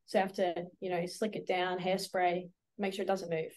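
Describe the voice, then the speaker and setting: A woman's voice: on the low side, little pitch movement, moderate pace, darkish tone. A young woman with an Australian accent, a college basketball player answering interview questions in an easygoing, chatty, teasing way over a video call. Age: young adult.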